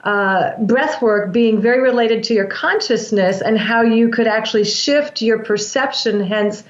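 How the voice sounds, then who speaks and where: A woman's voice: on the high side, a little slow. A woman guest on an interview show, a breath work practitioner explaining her practice in an earnest, teaching manner with frequent restarts. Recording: roomy, dull lo-fi sound.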